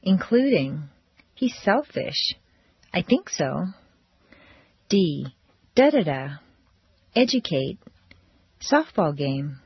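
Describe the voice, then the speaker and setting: A woman teaching pronunciation drills, speaking slowly and deliberately with exaggerated intonation. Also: fairly low pitch, big pitch swings, breathy edge, dry recording. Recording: dull dry lo-fi recording.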